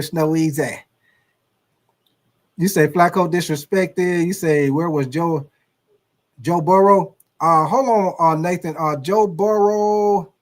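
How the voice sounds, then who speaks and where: A man hosting a sports talk livestream, ranking players in a slangy, animated storytelling style full of curses. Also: a little high. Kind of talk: casual sports commentary.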